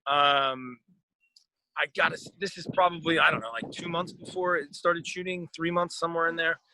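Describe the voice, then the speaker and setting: American man with a bright, forceful voice. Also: a little high, fairly even intonation, normal speed, slight background noise, rough recording. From United States. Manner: rambling, many restarts and fillers. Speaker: actor, interview guest. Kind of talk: casual interview chat.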